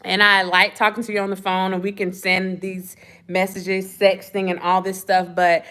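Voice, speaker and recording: A woman imitating an evasive young woman making hushed, rushed, sheepish excuses. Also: medium pitch, completely flat delivery, pitched below the performer's own voice, natural voice.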